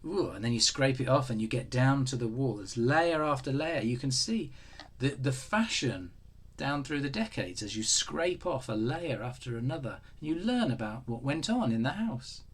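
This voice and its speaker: A man preaching a sermon, animated, acting out the voices in the story. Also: medium pitch, moderate pace, husky. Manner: animated, acts out voices of God and Job.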